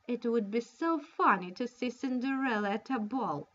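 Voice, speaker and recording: A woman's voice: on the high side, lively intonation, normal speed, dull audio. Woman reading as a mocking stepsister. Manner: mocking, sneering. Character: mean teasing young stepsister.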